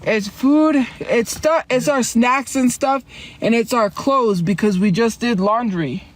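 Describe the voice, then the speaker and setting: A woman whose voice sits on the high side livestreams from inside her car. Her chatter is rambling and defensive, punctuated by quick laughs in reply to chat.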